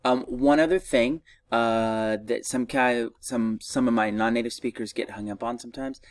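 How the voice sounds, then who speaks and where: A man's voice: medium pitch, fairly even intonation, moderate pace, dry recording, far from the mic. A man teaching a recorded Spanish grammar lesson, patiently drilling verb conjugations for his students to repeat.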